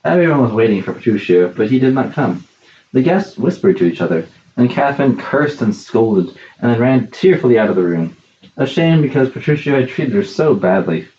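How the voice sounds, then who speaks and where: A man narrating a classic story in a measured, plain reading. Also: medium pitch, animated, mellow, reverberant, dull audio.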